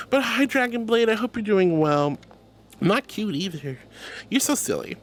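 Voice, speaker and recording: A woman's voice: medium pitch, big pitch swings, moderate pace. A woman streaming live and chatting with viewers, bubbly and gushing, greeting people with pet names. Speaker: streamer reading chat. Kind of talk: casual live-stream chat.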